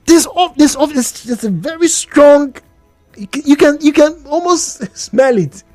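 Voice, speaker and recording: A Nigerian man hosts a call-in radio talk show, his voice rising and falling in a lively, expressive way. He chats with the audience and keeps asking rhetorical questions. The studio microphone gives a dry, close sound. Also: extremely high pitch, measured pace, no room sound, faint music behind. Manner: chatty, rhetorical questions, laughs between points. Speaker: radio host.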